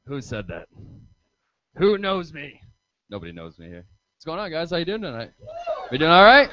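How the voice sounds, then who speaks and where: A man's voice: fairly high pitch, huge pitch swings, moderate pace, pushed and bright, no room sound. A man doing a live stand-up set in a bar, swearing freely and teasing himself and the crowd. He talks on a handheld stage mic. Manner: crude, profane, self-deprecating banter with the crowd. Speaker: stand-up comedian and radio show host. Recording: dull lo-fi live stream audio.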